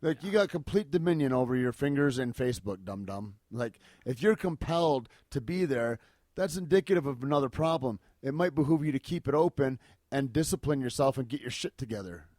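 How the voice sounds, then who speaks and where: A man hosting a casual podcast, talking in loose, profane, rambling rants full of jokes. His voice sits at an ordinary pitch and sounds close and dry, with no room around it. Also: animated, a little fast, darkish tone, no echo. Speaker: podcast host. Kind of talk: casual chat.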